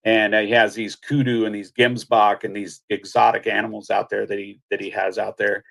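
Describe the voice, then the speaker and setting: A middle-aged man from Missouri, a country singer guesting on an interview show, telling anecdotes in a lively, casual way. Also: lowish voice, a little fast, vocal fry. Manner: animated anecdote-telling, acts out quotes, laughs.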